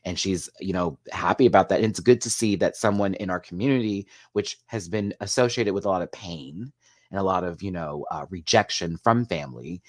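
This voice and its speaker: A man giving a sassy, animated live video review of a drag competition show, laughing often as he talks. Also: low voice, fairly quick, no echo, clean studio sound.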